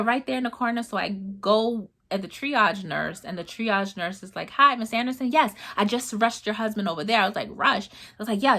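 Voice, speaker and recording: A young woman from New York shares a personal story in a casual vlog. Her voice is bright and forward, and she moves quickly through the events. She acts out each person's lines as she retells the conversations. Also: medium pitch. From New York, USA. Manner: animated retelling, acting out dialogue. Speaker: mother telling her son's story.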